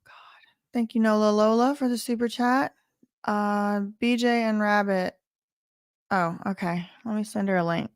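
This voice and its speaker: A woman's voice: medium pitch, steady tone, a little slow, long pauses, clear, resonant tone, dry recording, studio quality. A woman with a Southern American accent hosting a casual livestream, thinking aloud with lots of fillers. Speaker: livestream host.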